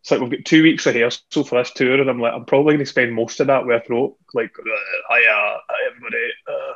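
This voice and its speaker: Scottish male singer guest, chatty, self-deprecating, laughs easily; mid-pitched voice on a lo-fi home call. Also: fairly even intonation, quick pace, creaky. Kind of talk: casual chat over a remote call. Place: at home indoors. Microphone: earphone headset on a video call.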